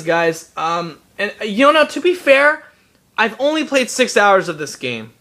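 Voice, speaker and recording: A young adult video game reviewer giving a profane, exasperated, emphatic rant about a game. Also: medium pitch. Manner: animated, emphatic delivery.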